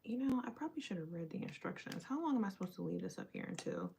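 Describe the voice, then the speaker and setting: Young woman livestreamer, gravelly voice, casual chatty read. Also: mid-range voice, very animated, fast talker, mellow. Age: young adult. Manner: chatty, talks to viewers while doing her makeup.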